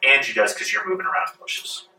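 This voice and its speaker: A man's voice: high voice, fairly even intonation, quick pace, creaky, sharp tone. A man narrating a tabletop game as game master, describing scenes with frequent fillers. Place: library meeting room. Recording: echoey room, far from mic.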